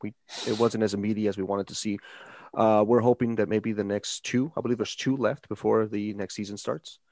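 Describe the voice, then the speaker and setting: A lower-pitched man with a gravelly, fry-heavy voice, hosting a casual gaming podcast. He rambles, repeats words and pushes hard on his emphasis. The sound is dry and close. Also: steady tone, brisk, darkish tone, no echo. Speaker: podcast host.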